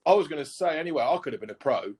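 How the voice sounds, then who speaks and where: A man co-hosting a podcast, chatting casually with teasing banter and quick questions. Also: a little high, animated, darkish tone, breathy edge. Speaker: podcast co-host. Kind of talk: casual chat.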